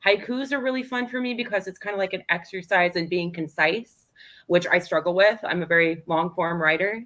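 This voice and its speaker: A woman co-hosting a casual chat, blunt and quick to swear, then apologizing for interrupting. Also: fairly low pitch, a bit bright. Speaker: podcast co-host.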